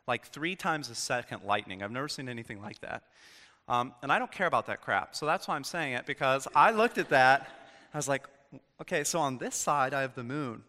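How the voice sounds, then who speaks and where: A man giving an informal sermon to a group, casual and chatty, telling stories and acting out little exchanges. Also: medium pitch. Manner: casual, chatty, animated storytelling. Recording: long hall reverb.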